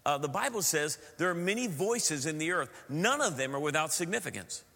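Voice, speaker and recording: A middle-aged pastor preaching with a high, bright, ringing voice. He tells stories with humor and keeps putting questions to the congregation. His voice echoes with a long reverb through a church hall. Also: expressive, a little fast. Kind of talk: sermon.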